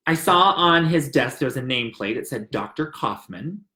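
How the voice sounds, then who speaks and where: A man telling a personal story in a chatty, animated way, acting out the conversations. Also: medium pitch, moderate pace. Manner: chatty and animated, acts out dialogue. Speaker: narrator. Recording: roomy echo.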